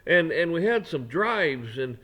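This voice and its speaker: A man's voice: a little high, sing-song, a little slow, pushed and bright, pitched above the performer's own voice, exaggerated voice. A man putting on the voice of a pleading, hypocritical churchgoer who stammers and repeats himself.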